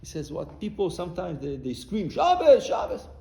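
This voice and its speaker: Rabbi preaching with lively pitch. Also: male voice, brisk, vocal fry. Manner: storytelling, mixing Hebrew words into English, bursts of loud cries. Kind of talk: sermon. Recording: roomy hall with faint ambience.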